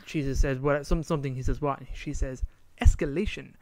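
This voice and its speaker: A man's voice: medium pitch, little pitch movement, fast talker, a little mellow. A man co-hosting a podcast in casual chat, animatedly retelling a story and acting out the lines, sometimes trailing off to recall details. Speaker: podcast co-host.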